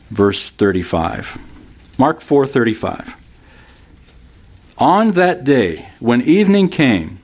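Man, 50s, pastor, sermon, conversational, humorous storytelling, mid-pitched voice.

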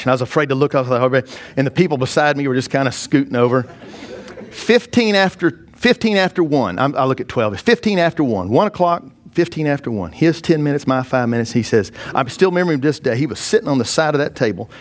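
A man with a middle-pitched voice tells a story from the pulpit in an animated, self-mocking way. He stumbles through frequent restarts and swings between hushed and excited delivery. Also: quick pace. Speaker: preacher giving testimony. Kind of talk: sermon storytelling.

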